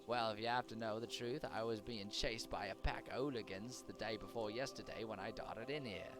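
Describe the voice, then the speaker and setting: A man's voice: fairly low pitch, fairly even intonation, brisk, close to an everyday voice. A man putting on a cocky, chatty halfling rogue with a wobbly accent. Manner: wavering accent between British, Irish and Australian. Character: boastful roguish halfling thief, talkative. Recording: game music behind.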